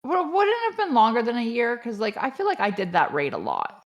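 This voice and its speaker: A woman's voice: on the high side, fairly quick. A woman guest on a podcast, telling stories with frequent laughter and casual swearing. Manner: animated storyteller, laughs often, swears casually. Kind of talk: casual chat.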